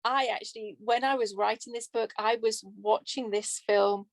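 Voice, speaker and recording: A woman's voice: a little high, fairly even intonation, moderate pace, no echo. A woman author with an English accent, chatting casually on a podcast and laughing often. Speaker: author guest.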